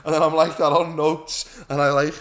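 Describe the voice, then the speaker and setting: A young man co-hosting a podcast, telling animated stories with laughs and swearing. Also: on the high side, moderate pace. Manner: animated storyteller, swears, laughs often, says "lad". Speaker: podcast co-host. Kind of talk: casual chat.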